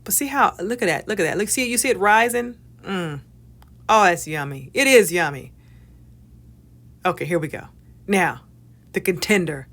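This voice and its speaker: A woman hosting a casual crafting demonstration, bubbly and excitable, chatting with playful asides, giggles and little whispered apologies. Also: lowish voice, normal speed, long pauses. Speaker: craft tutorial host.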